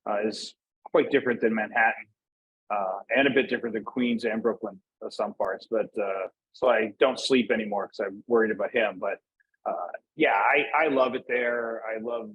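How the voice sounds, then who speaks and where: A man's voice: on the low side, breathy edge, muffled recording. A man from Northeast Pennsylvania, a guest in a casual interview, talking in a rambling way with many fillers and restarts. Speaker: podcast guest.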